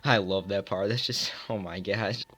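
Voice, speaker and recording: A man's voice: on the low side, fairly even intonation, normal speed, a bit bright. A young man casually reviewing films, rambling with many fillers and self-mocking asides. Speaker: movie reviewer.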